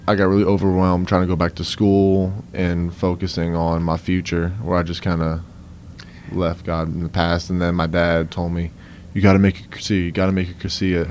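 Speaking as an interview guest, this young man has a South Louisiana Cajun accent and a low-sitting voice. He responds to questions in a relaxed, filler-heavy way, with a little hiss or hum on the recording.

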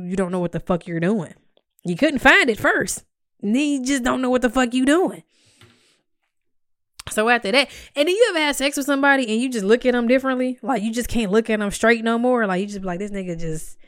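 A woman's voice: mid-range voice, dry recording. Blunt, profane woman telling a story. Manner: blunt and profane, acts out her own quoted lines; dry, exasperated humor. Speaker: vlogger telling a personal story. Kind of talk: candid storytime monologue.

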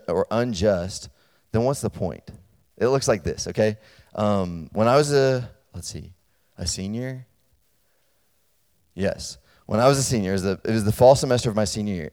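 Preaching a sermon to college students in a lowish voice, a man speaks casually and keeps checking in with his listeners. He grows loud and animated as he tells a personal story, all in a space with long hall reverb.

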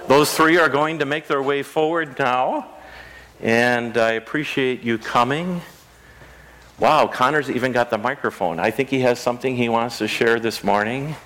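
A man's voice: mid-range voice, normal speed, a bit bright, slight background noise, low-quality recording. A man pastor giving a children's message in a rural church, talking in a conversational way and asking the children simple questions. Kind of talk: children's sermon.

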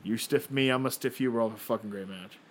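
A man's voice: medium pitch, fast, slight background noise. A man co-hosting a podcast, chatting casually, swearing freely. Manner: lively, swears, laughs along. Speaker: podcast co-host. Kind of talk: casual chat.

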